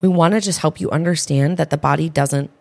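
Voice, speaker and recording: A woman co-hosting a health podcast in casual chat, emphatic and listing points in quick runs. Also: low-pitched, vocal fry, a little mellow. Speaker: podcast co-host, health coach.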